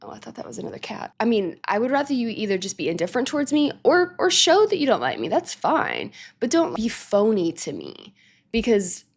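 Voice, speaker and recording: A woman hosting a music reaction, chatting casually and animatedly, laughing often and now and then cooing softly at her cat. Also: fairly high pitch, wildly swooping pitch, moderate pace, husky. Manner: drops to soft baby talk with her cat. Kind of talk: casual chat.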